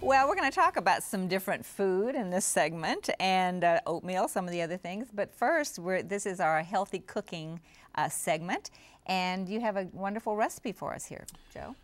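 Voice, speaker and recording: A woman's voice: medium pitch, lively intonation, moderate pace, faint music behind. Friendly woman TV host. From New Orleans. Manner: friendly, laughs easily, interviewing. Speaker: TV show host. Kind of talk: casual studio chat.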